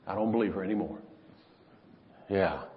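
A man preaching a sermon, swinging between loud, emphatic lines and hushed, drawn-out ones. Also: deep voice. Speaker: pastor. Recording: lo-fi recording in a reverberant hall.

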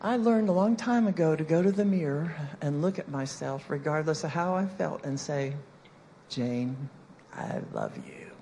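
A woman's voice: sits low, normal speed, few pauses, dark tone, a little hiss or hum. A woman speaking in church, telling a story in a sermon and acting out the quotes playfully.

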